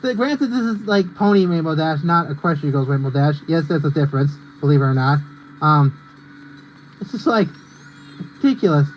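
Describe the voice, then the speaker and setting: A man's voice: on the high side, expressive, normal speed, a little hiss or hum, rough recording. A young man streaming a racing game, rambling and ranting in casual commentary with lots of fillers. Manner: rambling and ranty, heavy on fillers.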